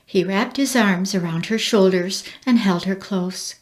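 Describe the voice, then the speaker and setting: A woman reading a storybook aloud as narrator, measured and expressive. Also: mid-range voice.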